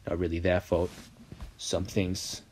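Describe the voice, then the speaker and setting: A man voicing an awkward, self-mocking young female cat in a deadpan, low-key way. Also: slow pace, slight background noise. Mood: glum.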